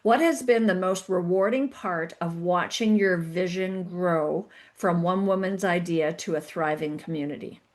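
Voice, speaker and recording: A woman hosting a podcast, asking questions and encouraging her guest with quick affirmations. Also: fairly low pitch. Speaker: podcast host. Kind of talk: interview conversation.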